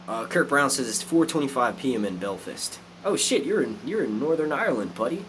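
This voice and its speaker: A man hosting a casual live stream, animated and swearing a lot as he reads out chat comments. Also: mid-range voice, a little fast, slight background noise. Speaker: youtube live stream host.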